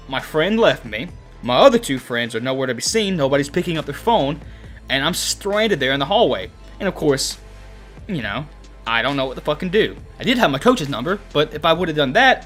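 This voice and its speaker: Young male host, profane and animated storyteller, slightly high voice. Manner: animated, profane, acts out his own quoted lines. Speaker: channel host. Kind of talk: casual storytelling.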